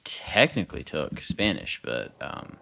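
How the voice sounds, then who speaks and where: A man's voice: rumbling low, wildly swooping pitch, unhurried, vocal fry, bright, forceful tone, a little hiss or hum. A man casually commenting while he plays a building game, thinking aloud, trailing off and restarting, muttering counts and chatting back to viewers. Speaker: game streamer.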